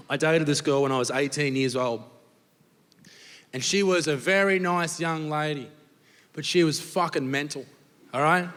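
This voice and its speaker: A man's voice: fairly high pitch, a bit bright. A young Australian man doing a crude, brash stand-up set before a live audience. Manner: crude, brash storytelling with swearing. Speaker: stand-up comedian. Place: comedy venue with live audience. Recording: live hall reverb, faint noise.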